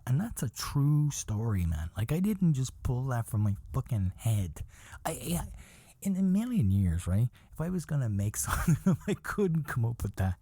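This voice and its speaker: A man tells a story as a comedy podcast host, swearing constantly and sounding exasperated. His pitch swings all over the place, his tone is dark and mellow, and the close mic sounds dry with no room. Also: normal speed, dry recording. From from outside the USA. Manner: profane, animated, exasperated rants.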